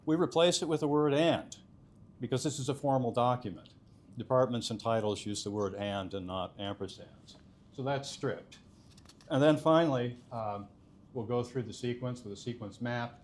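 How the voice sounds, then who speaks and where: A man's voice: mid-range voice, slight background noise. A man presenting a technical conference talk, explaining step by step with frequent filler sounds. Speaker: conference speaker.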